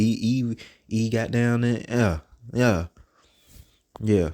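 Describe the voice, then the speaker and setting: A man's voice: fairly low pitch, slow pace, pauses often, a little mellow. A man giving casual scripture commentary, reading verses aloud and then riffing on them in profane, streetwise talk. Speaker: self-taught Bible teacher.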